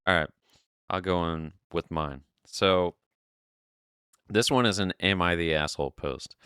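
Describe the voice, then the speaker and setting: Podcast host, man, lowish clear voice, animated reader, dry close mic. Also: measured pace, no room sound. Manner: animated storyteller, swears casually. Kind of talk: casual chat, reading a post aloud.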